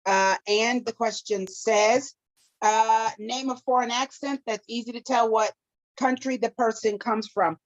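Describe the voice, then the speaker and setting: Chatty higher-voiced woman co-host. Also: fairly even intonation, measured pace, dry recording, highs cut off. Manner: chatty, laughs often, drops into playful foreign phrases. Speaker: co-host running a game segment. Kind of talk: casual live podcast chat.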